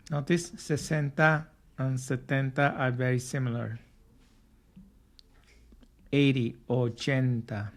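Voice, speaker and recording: A man's voice: mid-range voice, steady tone, takes it slowly. A man teaching a spoken lesson for learners, patient, repeating and drilling each word. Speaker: language teacher.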